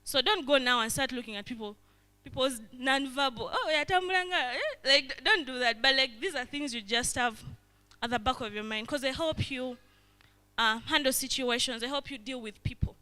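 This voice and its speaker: Woman running a workshop, bright voice, keeps asking the room if it makes sense. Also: high-pitched, normal speed. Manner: constantly checks in with the audience, acts out little scenes. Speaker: workshop facilitator. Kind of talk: interactive workshop talk.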